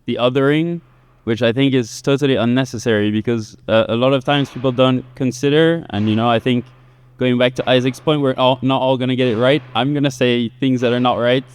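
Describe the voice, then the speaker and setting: Man on a panel, middle pitch, smooth resonant voice, rambling with fillers. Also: steady tone, a little fast, no room sound. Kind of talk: panel talk.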